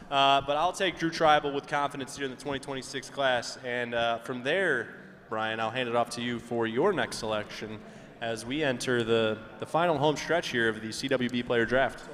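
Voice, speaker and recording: A man co-hosting a live draft event, excitable and teasing, laughing easily as he banters. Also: medium pitch. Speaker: draft co-host. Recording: long hall reverb.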